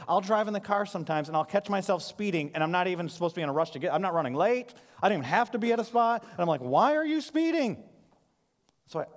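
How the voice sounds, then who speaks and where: A man in his thirties preaching a sermon from a stage, telling stories in an animated way with quick asides. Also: fairly high pitch. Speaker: pastor. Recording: live sermon in a reverberant hall.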